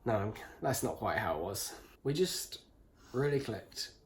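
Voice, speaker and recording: A man's voice: fairly low pitch, big pitch swings, a little slow, slight background noise. A young man with an English accent, chatting casually and joking dryly as he answers questions about himself. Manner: dry, joking and teasing. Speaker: interviewee, husband. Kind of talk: casual chat.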